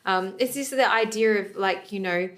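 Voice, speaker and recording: A woman's voice: mid-range voice, normal speed, fairly bright tone. A woman co-hosting a podcast in casual chat, rambling with many restarts.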